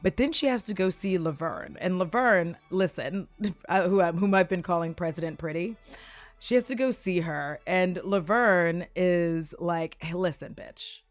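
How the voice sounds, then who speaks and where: A woman casually recapping a movie, profane, giggly and animated as she tells the story. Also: lowish voice, measured pace, no echo, soft background music.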